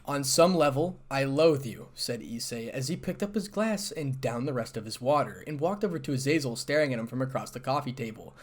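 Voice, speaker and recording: A man narrating a fan fiction story aloud with steady storytelling delivery. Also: mid-range voice, brisk, hardly any pauses.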